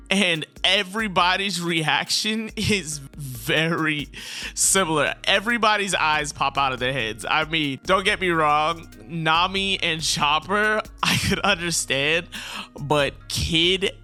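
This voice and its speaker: Bright-voiced animated man recapping a manga. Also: fairly high pitch. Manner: animated, laughing, incredulous. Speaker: manga reviewer. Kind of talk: casual chapter recap.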